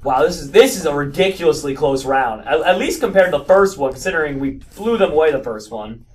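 A man giving excited gameplay commentary, stammering and restarting with frequent exclamations. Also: on the high side, brisk, distant mic. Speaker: gaming video host.

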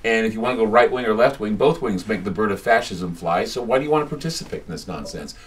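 Low-voiced male radio host, chatty and rambling, recorded live from a distance in a small shop. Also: lively intonation, fast talker. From United States. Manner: rambling, chatty storyteller with many restarts. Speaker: radio host giving a talk. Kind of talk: casual public talk with anecdotes. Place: small bookstore, indoors.

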